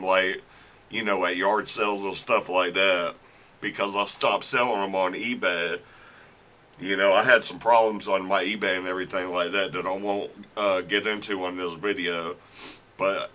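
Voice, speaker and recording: A man's voice: fairly low pitch, highs cut off. A man vlogging casually from his small home recording room, rambling with lots of fillers and slightly out of breath. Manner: rambling, filler-heavy, restarts often. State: a little out of breath. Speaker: independent musician and small seller. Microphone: camera's built-in mic.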